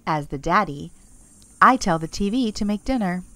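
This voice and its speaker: A woman's voice: lowish voice, lively intonation, normal speed, a bit bright. A woman voicing a boastful, argumentative boy who always wants to win, in a storybook reading. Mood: cocky. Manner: cocky, argumentative.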